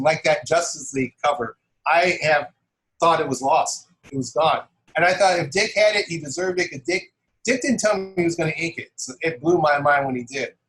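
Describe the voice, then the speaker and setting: A man's voice: fairly high pitch, rough recording. A middle-aged man, a comic book artist, talking casually as an interview guest and chuckling as he tells anecdotes. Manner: animated, chuckles while telling anecdotes. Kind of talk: casual storytelling.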